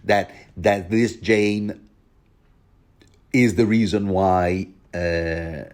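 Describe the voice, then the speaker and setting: A man giving a rambling, casual commentary on a book, often sidetracking himself and laughing. His voice is low and he talks at a slow, unhurried pace. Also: steady tone, a little mellow. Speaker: podcast host.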